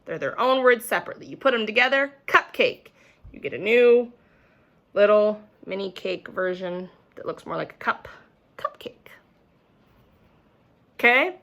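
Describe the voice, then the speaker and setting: A woman's voice: medium pitch, pushed and bright. A young woman teaching a remote phonics lesson to young children, patiently sounding out words, recorded on a camera mic at home.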